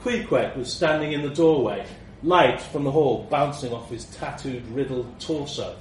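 A man narrating a first-person comic story with a wry, expressive, slightly profane delivery. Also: mid-range voice, normal speed, echoey room, distant mic, a little hiss or hum.

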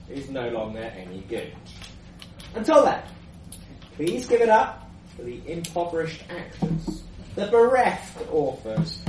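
A man hosting a live storytelling night, announcing slowly and joking with the audience. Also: on the high side, darkish tone, slight background noise. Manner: slow, jokey compering. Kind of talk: playful stage announcing. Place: live event venue before an audience. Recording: echoey venue from a distant mic.

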